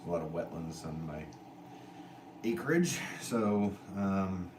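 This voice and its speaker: Low-voiced man chatting at the wheel. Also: slow. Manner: relaxed, chatty, self-deprecating. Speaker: potter. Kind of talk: casual live-stream chat while working at the wheel. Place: pottery studio. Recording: echoey room, mic at a distance, background noise.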